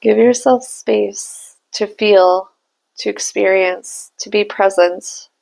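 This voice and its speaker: A woman's voice: mid-range voice, fairly even intonation, takes it slowly, gravelly, darkish tone, low-quality recording. A young adult woman giving a casual spiritual tarot reading, musing aloud and laughing at herself. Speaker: tarot reader and channeler.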